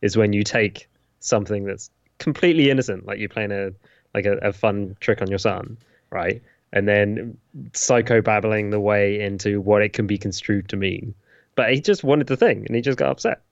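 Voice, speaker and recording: Low, gravelly-voiced male co-host. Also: moderate pace, no room sound. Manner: reflective, thinks aloud with restarts. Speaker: podcast co-host. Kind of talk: casual chat. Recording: slightly muffled, dull sound.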